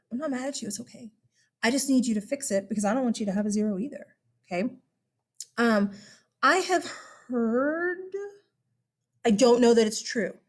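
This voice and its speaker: Chatty, upbeat woman teacher. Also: a little high. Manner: chatty and upbeat, laughing, with many fillers. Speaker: high school history teacher. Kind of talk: casual online class instruction.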